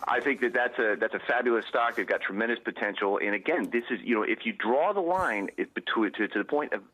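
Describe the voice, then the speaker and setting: A man appearing as a market analyst guest, giving brisk, confident investing views. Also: on the low side, bright, forceful tone, low-quality recording. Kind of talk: remote TV interview.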